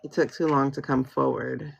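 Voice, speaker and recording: A woman's voice: extremely low pitch, level tone, moderate pace, gravelly, slight background noise. A woman hosting a live tarot reading, talking casually and thinking aloud in slangy speech. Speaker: tarot reader and livestream host. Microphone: phone. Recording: dull lo-fi livestream audio.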